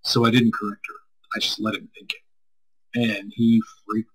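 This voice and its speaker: A man's voice: on the low side, little pitch movement, moderate pace, a bit bright, poor audio. A man co-hosting a live stream, answering chat in a loose, rambling way and swearing freely. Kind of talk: casual chat.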